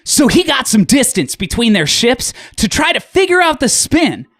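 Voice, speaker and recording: Jokey woman narrator, high and bouncy, comic asides. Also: big pitch swings, normal speed, a bit bright. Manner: chatty, jokey, rambling asides. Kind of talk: comic audio-drama narration.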